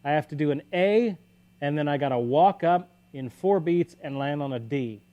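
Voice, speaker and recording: Relaxed man teaching guitar on a livestream. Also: on the high side, normal speed, dull audio. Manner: loose and conversational, counts beats aloud while playing. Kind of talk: casual live-stream guitar lesson. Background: guitar playing.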